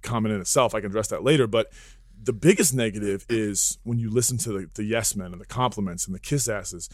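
A man talks quickly and bluntly as a podcast guest, throwing in jokes and asides. His voice sounds close and dry, with no room echo at all. The delivery is relaxed and conversational. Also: fairly low pitch. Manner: blunt, joking, full of asides. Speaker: podcast guest, fitness entrepreneur. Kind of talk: casual podcast chat.

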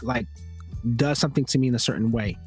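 A man hosting a casual talk podcast, telling stories and acting out loud quotes as he goes. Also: mid-range voice, fast, breathy edge, soft background music. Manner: animated storytelling with loud acted-out quotes. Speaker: podcast host. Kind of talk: casual conversation.

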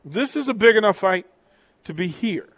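A male sports radio host talks casually and loosely, often restarting his sentences as he reads out listener texts. His voice sits fairly high for a man. The sound is dry and close, with no room echo. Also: lively intonation, moderate pace, fairly bright tone. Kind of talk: casual call-in sports talk.

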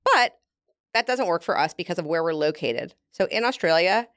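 A woman's voice: fairly low pitch, expressive, normal speed, a bit bright, dry recording. A woman, a beef company representative, explaining at length in a casual interview, with frequent fillers.

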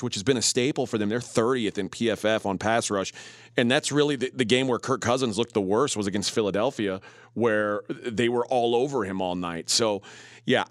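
A man's voice: mid-range voice, a bit bright, no room sound, studio quality. A man hosting a sports betting podcast, chatting casually as he talks through point spreads and odds.

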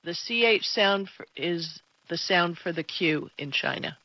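A woman co-hosting a tech talk show in casual chat, emphatic and quick to laugh. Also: fairly low pitch, pushed and bright, no echo. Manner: chatty, laughs often, emphatic. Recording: dull lo-fi dry sound.

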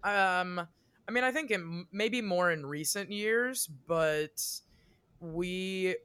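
A theatrical, jokey man from the Midwest co-hosts a casual podcast chat. His voice sits high and bright, with a smooth, crisp tone. The sound is dry and close. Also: slow, dry recording. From American Midwest. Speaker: podcast co-host.

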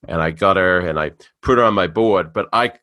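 A man co-hosting a podcast, telling anecdotes in an animated, casual way. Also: low voice, brisk, no echo, clean studio sound. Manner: animated, laughs while telling stories. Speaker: podcast co-host. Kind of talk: casual storytelling.

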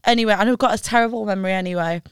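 A woman's voice: medium pitch, racing, clear, resonant tone, dry recording, studio quality. A woman co-hosting a podcast, casually telling a story with lots of laughter and acted-out dialogue. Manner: storytelling, laughing, mimics others' lines. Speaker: podcast co-host. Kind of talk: casual chat.

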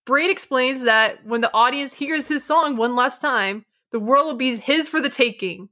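Woman podcast co-host, animated casual recapper, bright tone. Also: high voice. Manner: animated, laughing, does quick impressions.

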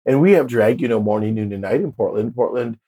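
A man's voice: mid-range voice, quick pace, husky. A man in his fifties, a drag performer, telling stories in a casual interview and acting out the voices of the people he quotes. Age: 50s. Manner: animated storyteller, acts out quoted voices.

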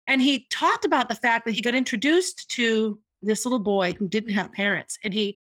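A woman's voice: on the high side, moderate pace, a bit bright, no room sound. Earnest woman telling a personal story. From United States. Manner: earnest and reflective, with emphatic repetitions. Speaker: podcast host.

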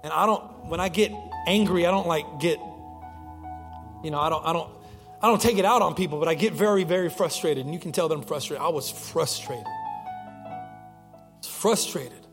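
A man's voice: a little high, moderate pace, pauses often, a bit bright, long reverb tail, faint music behind. A young man preaching a sermon as pastor, telling stories in a conversational way with frequent restarts. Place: church sanctuary.

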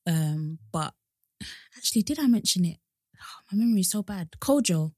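A woman's voice: lowish voice, expressive, darkish tone, dry recording, studio quality. A young woman co-hosting a podcast in casual chat, laughing often. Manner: chatty, laughs often, quick asides. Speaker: podcast co-host.

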